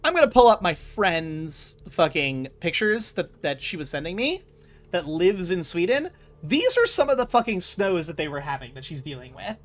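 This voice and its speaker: A man's voice: high-pitched, sing-song, moderate pace. A man running a tabletop role-playing game as game master, casual and rambling, swearing freely.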